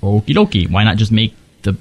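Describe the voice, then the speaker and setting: A man's voice: lowish voice, sing-song, brisk. A man co-hosting a casual gaming podcast, profane and joking as he reads patch notes and listener emails. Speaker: podcast co-host.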